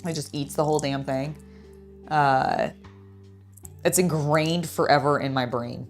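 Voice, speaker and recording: Low-voiced young woman rambling while she builds lego, lots of likes and ums, faint music behind. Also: fairly even intonation, a little slow. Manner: chatty and rambling, talks to her cat, many fillers. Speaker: LEGO builder and channel host. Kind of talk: casual building vlog chat.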